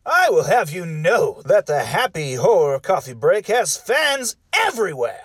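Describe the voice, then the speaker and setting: A man voicing a creepy, giant-headed male talk show host who is excitable and clueless, with a squeaky, creepy voice. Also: unhurried, no echo, heavily acted. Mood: indignant. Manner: overexcited, dramatic outbursts.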